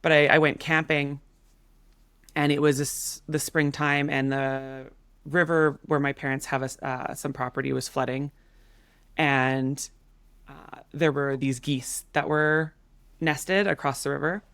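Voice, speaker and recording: A woman in her thirties, a podcast guest, telling a story in a casual, animated way with many fillers. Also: low voice, measured pace, smooth, dry recording. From Canada.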